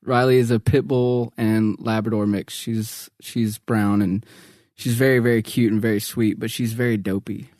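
A man's voice: lowish voice, little pitch movement, normal speed, darkish tone, dry recording, clean studio sound. A man co-hosting a casual podcast who talks easily about his pets and laughs often. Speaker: podcast co-host. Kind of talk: casual chat.

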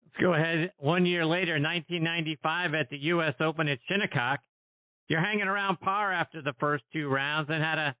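A man's voice: fairly high pitch, steady tone, brisk, no room sound. A male podcast host setting up an interview question by listing a guest's results, on phone-quality audio. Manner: reads out career stats before asking.

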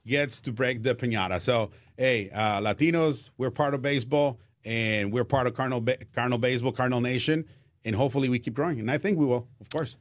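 Lively man. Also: medium pitch, quick pace, dry recording, clean studio sound. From Mexico. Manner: lively storyteller, repeats words, laughs easily. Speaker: Spanish-language baseball broadcaster, guest. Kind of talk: casual radio interview.

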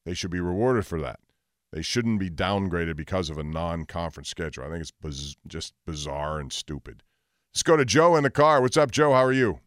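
A man's voice: deep voice, fairly quick, a bit bright, no room sound. Guy hosting sports talk radio, blunt and opinionated, dry close studio mic. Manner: blunt, opinionated, talks over callers.

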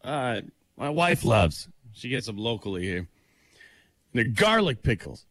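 A man's voice: medium pitch, unhurried. A man co-hosting a morning radio show over a phone line, telling laid-back stories in casual banter. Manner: storytelling, laid-back, animated. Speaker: radio co-host.

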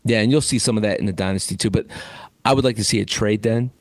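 A man's voice: lowish voice, quick pace, no echo. A man co-hosting sports radio, talking casually with hesitant fillers.

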